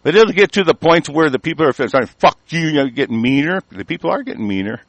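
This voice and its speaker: Furious ranting man, slightly high voice. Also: expressive, fast, no room sound. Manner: furious, profane, shouting in bursts. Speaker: political ranter. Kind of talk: angry profane monologue.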